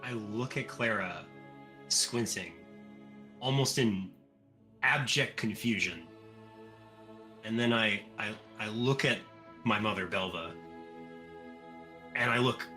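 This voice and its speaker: A man plays his character in a tabletop game, drawling his lines very slowly. His voice has a bright edge, and faint music plays behind him. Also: fairly low pitch, animated. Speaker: player.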